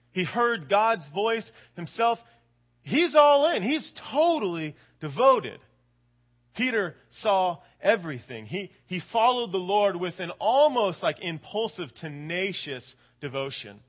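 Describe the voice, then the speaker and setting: A man in his late twenties preaching a sermon in an animated, colloquial way, often checking in with the audience. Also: high-pitched, slow pace. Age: late 20s. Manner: animated, colloquial, keeps asking "right?".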